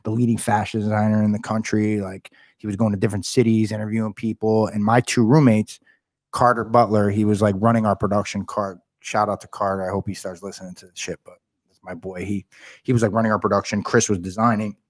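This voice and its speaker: A man with a fairly low voice tells a rambling, animated story as a podcast guest. He swears freely and slips into the voices of the people he quotes. The sound is dry and close. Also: quick pace, dry recording. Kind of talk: casual storytelling.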